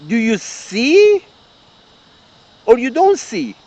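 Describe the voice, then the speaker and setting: A man's voice: very high-pitched, sing-song, drawn-out words, darkish tone, low-quality recording. A man delivering an angry, profane political rant as an open letter, repeating himself and restarting sentences. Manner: angry, profane, repetitive ranting with frequent restarts. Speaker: political commentator. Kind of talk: ranting open-letter monologue.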